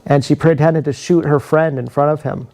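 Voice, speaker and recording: Man, gravelly fry, rambling confessional livestream talk, action-camera mic. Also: on the high side, fairly even intonation, normal speed, dark tone. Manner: meandering, confessional, laughs at own stories.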